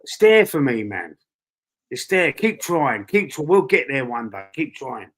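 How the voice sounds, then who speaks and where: A man with a Cockney accent hosts a casual live stream, talking straight and unfiltered. He swears freely and circles back over the same point, his voice sitting in an ordinary middle pitch. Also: sing-song, unhurried, fairly bright tone. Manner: blunt, swears, repeats himself. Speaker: football fan channel host.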